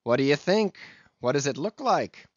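A man reading an old sea tale, voicing a calm, scheming male sailor who answers with quiet defiance. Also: fairly high pitch, normal speed, dry recording. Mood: defiant. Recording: dull lo-fi audiobook recording.

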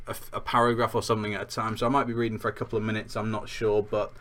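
A man's voice: fairly low pitch, a bit bright. A man hosting a podcast, reviewing a book chapter in a rambling, self-deprecating chatty way. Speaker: podcast host. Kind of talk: chatty book review with read-aloud passages.

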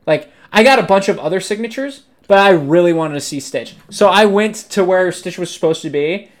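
A man's voice: high voice, animated, fairly quick, hardly any pauses. A young man chatting casually, telling a story with lots of fillers and restarts. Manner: rambling, filler-heavy storytelling. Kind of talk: casual chat.

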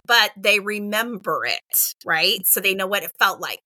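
A middle-aged woman, a kindergarten teacher, talking casually in an interview, animated and acting out quoted exchanges with lots of "like" and "right?". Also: medium pitch, normal speed, dry recording.

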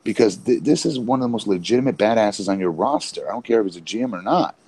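A man's voice: fairly low pitch, expressive, quick pace, dark tone, slightly rough, poor audio. A man co-hosting a wrestling podcast, talking casually and rambling with many restarts. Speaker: podcast co-host, former independent wrestler.

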